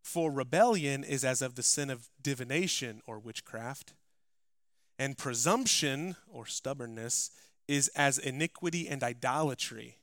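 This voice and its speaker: A male pastor preaching a sermon, climbing to loud, emphatic passages and dropping to quiet asides. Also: medium pitch, measured pace, no room sound, clean studio sound. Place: church.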